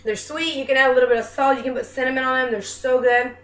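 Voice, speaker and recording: Speaking fast in a high voice with fairly even intonation, a young home cook vlogger casually demonstrates food prep. She runs herself down and apologizes along the way, and her kitchen echoes with background noise.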